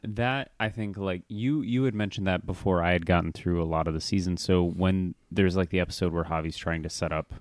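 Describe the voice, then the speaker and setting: A man co-hosting a casual fan podcast, speaking in a measured, thoughtful way. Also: low-pitched, steady tone, no room sound, clean studio sound. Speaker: podcast co-host.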